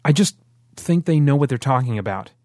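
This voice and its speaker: A man's voice: medium pitch, lively intonation, a little fast, warm tone, no echo, clean studio sound, close to an everyday voice. A man voicing a passionate, insistent young male rebel in an audiobook.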